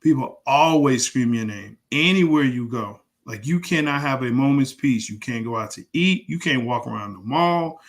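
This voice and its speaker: A man co-hosting a sports podcast, talking casually, tossing in quick agreement and acting out quotes when he tells a story. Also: mid-range voice, expressive. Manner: conversational, frequent agreeing backchannels, acts out quotes. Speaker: podcast co-host.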